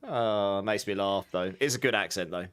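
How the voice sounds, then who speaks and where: A man streaming a game, talking loosely to his viewers and greeting them one by one. His voice is clear and smooth, and he laughs easily between remarks. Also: on the low side, moderate pace, fairly bright tone. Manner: chatty, laughs often, greets chat by name. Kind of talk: casual livestream chat with viewers.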